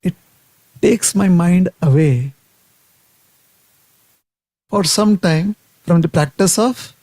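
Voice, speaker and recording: A man from India, giving a devotional talk in a deliberate way, often asking rhetorical tag questions. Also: high-pitched, a little mellow, dry recording. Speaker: devotional speaker.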